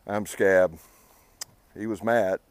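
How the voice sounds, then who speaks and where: A man with a fairly low voice, talking to his viewers in a heartfelt, laid-back way. The sound is dry and close. He tends a campfire as he speaks. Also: fairly even intonation, slow, clear, resonant tone, no echo. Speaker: outdoor channel host. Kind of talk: casual talk to camera by a fire. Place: outdoors at a campfire.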